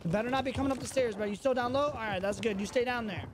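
A man's voice: very high voice, racing, noisy background. A man streaming a shooter game, trash-talking other players in a swaggering, mock-menacing way and repeating his taunts. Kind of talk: trash-talking gameplay commentary.

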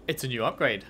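A man's voice: fairly high pitch, sharp tone, a little hiss or hum. A man giving casual let's-play commentary, chatty and playful, reading menus aloud and bantering with the game. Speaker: gaming commentator.

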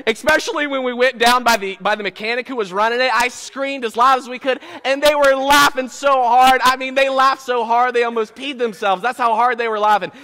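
Man, pastor, sermon, high bright voice, lively storytelling, self-mocking, long church reverb. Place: church sanctuary.

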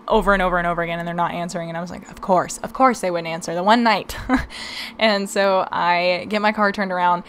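A woman's voice: mid-range voice, a bit bright, a little hiss or hum. A young woman hosting a podcast, telling a story in a casual, chatty way, laughing often and filling her talk with "um" and "like". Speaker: podcast host.

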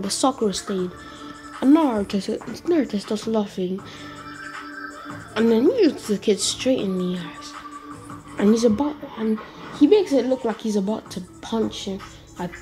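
A woman's voice: medium pitch, warm tone. A woman casually telling her own fan story, rambling and swearing as she goes. She keeps breaking off to restart her sentences. Faint music plays under her voice. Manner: profane, rambling, self-interrupting.

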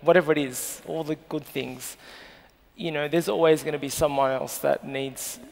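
A thirties-something Australian man, a journalist, appears as a guest in a live stage interview at a festival, the hall's long reverb around him. Speaking at normal speed in a steady, high-leaning voice with vocal fry, he comes across as earnest and emotional.

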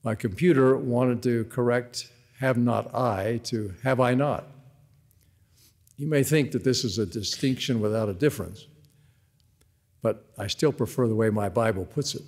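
A man giving a devotional sermon at a university, speaking in a measured, earnest way and reading scripture aloud in a large arena. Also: mid-range voice, darkish tone, husky. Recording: long hall reverb in large arena.

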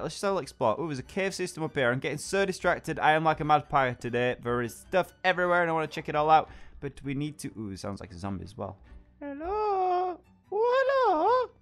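A young man chatting excitably as he plays a game, talking to his pet along the way. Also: on the high side, fast, hardly any pauses, faint music behind. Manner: chatty and excitable, talks to his pet dog, exclaims at surprises. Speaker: gaming channel host. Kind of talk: let's play commentary.

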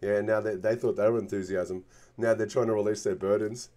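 A man's voice: on the low side, steady tone, a little fast, dark tone. A man giving a casual tarot card reading, emphatic and constantly checking in with the listener. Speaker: tarot reader.

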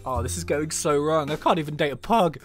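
A man's voice: on the high side, fairly quick, faint music behind. A man doing chatty, self-mocking gameplay commentary as a YouTuber.

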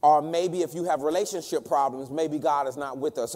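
A man preaching a sermon as guest minister, swinging between loud emphasis and hushed tones and repeating phrases. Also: a little high, brisk, few pauses, long reverb tail. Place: church sanctuary.

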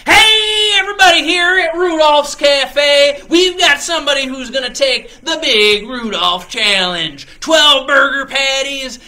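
A man voicing a loud, boisterous restaurant cook who announces to the room like a showman. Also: lively intonation, measured pace, hardly any pauses, exaggerated voice. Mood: hyped. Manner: booming showman announcing a challenge.

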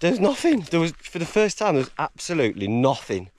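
An English man vlogging from a high mountain trail, rambling and emotional, breaking into laughter. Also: huge pitch swings, a little fast, darkish tone, slight background noise. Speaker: hiker vlogger. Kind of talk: casual vlog talk.

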